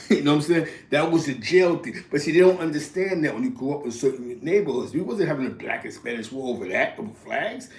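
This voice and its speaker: A man's voice: on the high side, animated, brisk, echoey room. A man from East Harlem with a New York accent, telling rambling street stories in casual slang, often tagging lines with "you know what I'm saying" and a laugh. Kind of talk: casual storytelling.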